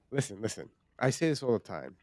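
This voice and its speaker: A man's voice: medium pitch, a bit bright. A man hosting a comedy podcast, talking casually in a rambling, profane way. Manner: rambling, profane, laughing loosely. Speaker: podcast host.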